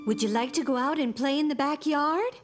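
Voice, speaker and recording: A woman voicing a kind, patient grandmother in a preschool cartoon, speaking gently and coaxingly. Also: sits high, a little fast, lightly acted. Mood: gentle. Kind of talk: cartoon voice acting. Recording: music underneath.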